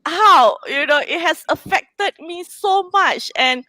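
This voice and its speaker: A Singaporean woman with a high voice talks as a guest in a casual chat. She speaks in an emotional, heartfelt way, leaning on "you know" again and again. The sound is close and dry. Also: animated, slow pace, pushed and bright, no echo, poor audio. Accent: Singaporean English.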